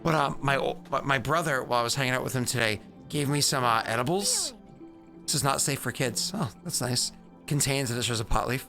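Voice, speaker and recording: A man hosting a tabletop game stream chats casually before the game in a mid-range, expressive, sharp-toned voice at a brisk pace. He rambles with lots of fillers and restarts, and soft music plays in the background.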